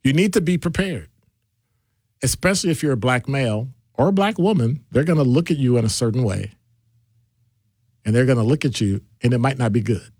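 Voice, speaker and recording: A middle-aged man hosting a call-in radio show, talking in a jokey, animated way and shifting his voice for quoted people. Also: medium pitch, brisk, no room sound, clean studio sound.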